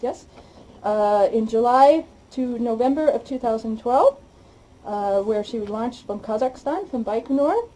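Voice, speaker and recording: Brief: woman host introducing a guest, halting delivery, mellow voice. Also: fairly high pitch, animated, low-quality recording. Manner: halting, with frequent fillers. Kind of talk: formal introduction.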